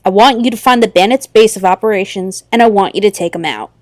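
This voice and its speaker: A woman voicing a tough older female troll who speaks calmly with a country drawl, in a game let's play. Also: medium pitch, fast, dry recording, studio quality, natural voice. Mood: steady. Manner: country drawl, calm and plainspoken.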